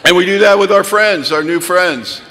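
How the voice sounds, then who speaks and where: Male speaker at a recovery gathering, animated comic storyteller, bright, slightly high voice, reverberant hall. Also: moderate pace. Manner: lively, animated, punchline-driven storytelling. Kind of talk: humorous storytelling talk to an audience. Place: large hall.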